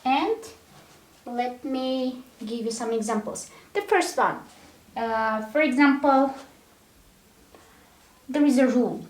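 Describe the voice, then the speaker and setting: A woman's voice: high-pitched, takes it slowly, long pauses. A woman teaching an English grammar lesson, speaking patiently and repeating words one at a time to show the stress. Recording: echoey room.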